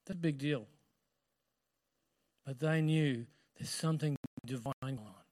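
A male pastor preaching a sermon, retelling a story with animated questions to the congregation. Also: medium pitch, unhurried.

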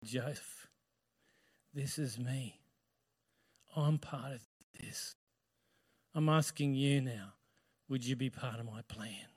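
A man voicing God in a dream, speaking in a hushed, solemn way in a sermon retelling. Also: medium pitch, takes it slowly, long pauses, husky, no echo, clean studio sound, pitched below the performer's own voice.

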